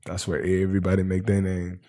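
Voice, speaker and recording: A man's voice: deep voice, completely flat delivery, fairly quick, dark tone. A man, a pro football player, telling stories animatedly in an interview, laughing along the way. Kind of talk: casual interview answers.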